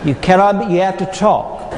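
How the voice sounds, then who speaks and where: A middle-aged motivational speaker gives a humorous keynote in a large hall before an audience, mixing folksy stories with punchlines. His voice is high-pitched at normal speed, the background is noisy, and the hall echoes with long reverb.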